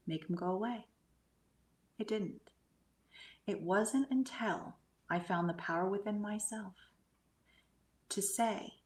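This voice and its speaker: A middle-aged woman telling a personal spiritual experience in an earnest way, sometimes sinking to a hushed whisper. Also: mid-range voice. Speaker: guest medium and energy healer. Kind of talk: conversational storytelling.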